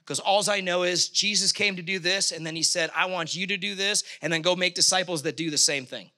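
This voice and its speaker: Male pastor, middle-aged, high and very bright voice; fervent sermon delivery with emphatic bursts. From Canada. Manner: impassioned, emphatic bursts, halting restarts.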